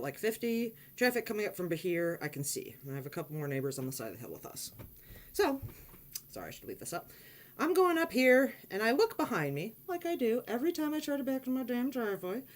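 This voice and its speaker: A woman casually telling a personal story on her vlog, animated and blunt, acting out quotes and swearing freely. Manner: animated, swearing, acts out quotes in high excited voice. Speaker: vlogger.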